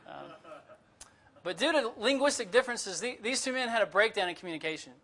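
Guest preacher, male, high and bright-toned, chatty sermon delivery read from notes. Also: expressive, fast talker. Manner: conversational, with humorous asides and disclaimers; reads closely from notes.

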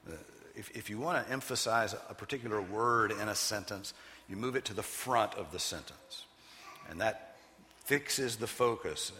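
A man preaching in a church sanctuary, with a slightly low voice that has a bright, forceful edge. He teaches with an emphatic, measured cadence. His words ring on with a long reverb through the large hall. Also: slight background noise. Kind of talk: expository sermon.

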